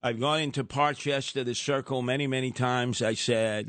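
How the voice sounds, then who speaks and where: A New man hosting talk radio, sarcastic and emphatic, heaping scorn with punchy nicknames. His voice sits at an ordinary middle pitch and is recorded close in a dry studio. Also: fairly even intonation, moderate pace, few pauses, fairly bright tone, dry recording. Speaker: radio talk show host. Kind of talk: combative talk radio monologue. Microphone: studio microphone.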